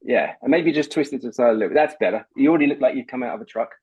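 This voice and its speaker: Male voice coach, breathy, kinda high, giving step by step tips, muffled lo-fi call sound. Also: very fast. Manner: patient, instructive, repeats words when starting. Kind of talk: coaching a guest through voice exercises.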